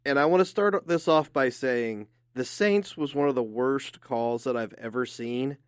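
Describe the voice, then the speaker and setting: A man's voice: mid-range voice, a little slow, smooth, no echo, clean studio sound. A man co-hosting a sports radio show, giving his opinions emphatically. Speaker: radio co-host.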